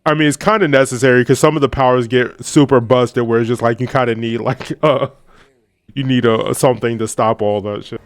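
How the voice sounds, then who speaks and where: A man's voice: medium pitch, steady tone, fairly quick, clear, resonant tone, dry recording. A man co-hosting a casual reaction video, joking, laughing often and swearing casually. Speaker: co-host reacting to a show.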